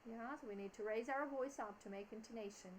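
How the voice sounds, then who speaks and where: A woman teaching a grammar lesson in a slow, patient way, explaining step by step with small slips and fillers. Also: fairly high pitch, slight background noise, rough recording. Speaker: English teacher.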